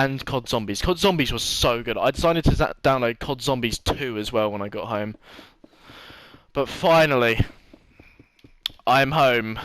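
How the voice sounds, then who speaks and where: A man's voice: medium pitch, fairly bright tone, no room sound, low-quality recording. A young man telling a long rambling story to his vlog audience, swearing freely and laughing often. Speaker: vlogger. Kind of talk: casual storytelling monologue.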